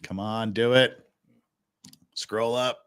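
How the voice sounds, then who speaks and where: A man hosting a casual livestream, talking in an easy, joking way and often restarting his sentences. His voice sits at an ordinary middle pitch. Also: steady tone, slow, a bit bright, smooth. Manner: joking, chatty, frequent restarts. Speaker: livestream host.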